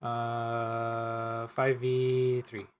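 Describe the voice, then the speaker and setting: A man's voice: mid-range voice, completely flat delivery, drawn-out words, clean tone, dull audio. A man playing a cooperative card game, reading the story text aloud and stumbling and correcting himself as he goes.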